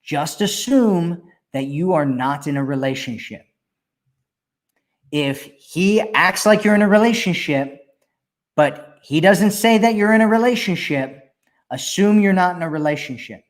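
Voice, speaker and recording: A dating coach runs a live Q&A stream, reading viewer comments aloud and answering them emphatically, repeating his key points. His voice is a little high, animated, and unhurried.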